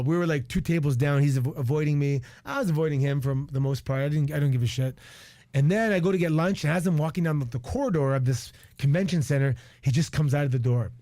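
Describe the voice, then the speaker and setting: Guy in his 40s from canada, fairly high voice, swears a lot telling his story, dry close sound. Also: darkish tone, dry recording. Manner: candid and profane, lots of restarts and quoted asides. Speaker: guest, retired wrestler. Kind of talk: animated storytelling on a radio show. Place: radio studio.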